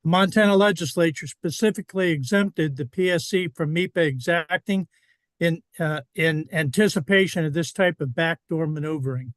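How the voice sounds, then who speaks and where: A man's voice: fairly high pitch, normal speed, dry recording. A state representative, a man, firmly reading a prepared statement over a remote call. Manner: firm, reads a statement. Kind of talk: prepared public comment.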